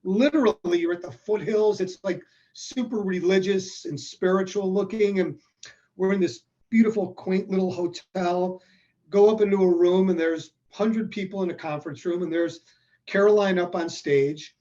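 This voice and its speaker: A man's voice: sits high, moderate pace, muffled recording. A man in his sixties, a guest in an interview, telling a story and acting out the lines of the people in it. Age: 60s. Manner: animated, acts out quoted dialogue.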